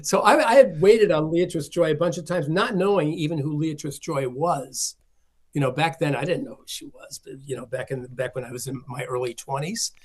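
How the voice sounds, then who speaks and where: Man telling lively anecdotes, fairly high voice. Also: a little fast, breathy edge. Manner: animated, acts out the voices of people he quotes. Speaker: film collector interviewed as guest. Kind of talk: conversational storytelling.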